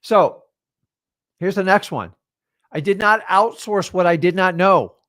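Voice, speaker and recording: A man's voice: sits high, unhurried, fairly bright tone, no room sound, clean studio sound. A middle-aged man, a real estate coach, giving a blunt motivational masterclass and swearing casually as he talks.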